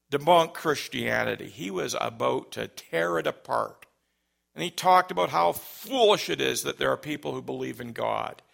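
A male pastor giving an Easter sermon, earnest and building to loud calls to the congregation. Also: mid-range voice, vocal fry.

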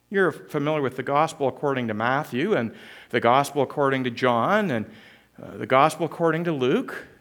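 A man's voice: a little high, fairly bright tone. A man preaching a sermon, reading scripture dramatically and explaining it in a conversational way. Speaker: pastor.

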